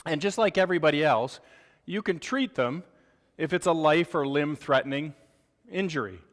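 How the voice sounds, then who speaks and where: A man lecturing clinicians in a large hall, his slightly higher voice carrying a long reverb. He is animated and jokes with the room, breaking into little acted bits between points. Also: moderate pace. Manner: animated, joking, acts out crying parents. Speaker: medical lecturer.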